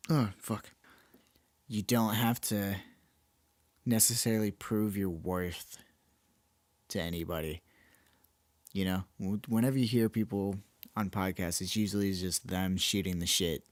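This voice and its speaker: Low-voiced young man rambling casually. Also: dry recording. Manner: rambling, self-deprecating, swears freely. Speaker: solo podcast host. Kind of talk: casual late-night ramble.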